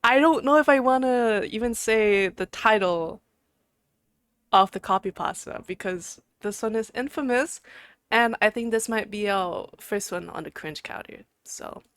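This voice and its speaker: Female streamer, casual live chat, slow and high, giggly with sudden loud outbursts. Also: no room sound, clean studio sound. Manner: giggly, loud outbursts, mutters while clicking around.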